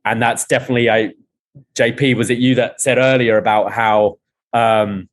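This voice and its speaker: A man hosting a casual podcast and recapping a TV finale scene by scene. His voice sits in an ordinary middle pitch, and he leans into the quoted dialogue, lifting and pressing it. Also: steady tone, moderate pace. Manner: retells scenes, reading out dialogue with rising emphasis. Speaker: podcast host.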